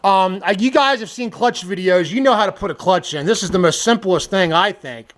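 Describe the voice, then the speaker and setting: A man with a notably high voice talks straight to his viewers in a casual vlog. He sounds animated and heated as he hands out blunt, preachy advice, checking in with "okay?" again and again. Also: fairly quick. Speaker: car channel host.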